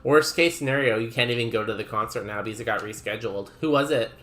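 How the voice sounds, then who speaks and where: A man's voice: mid-range voice, fast, a bit bright. A man streaming a game, chatting casually and rambling while he reads messages from chat aloud.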